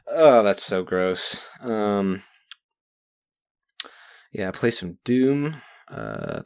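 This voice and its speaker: A man's voice: on the low side, clean tone. A young man recapping his week from a journal in a rambling, profane monologue that swings into rants. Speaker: vlogger reading his journal.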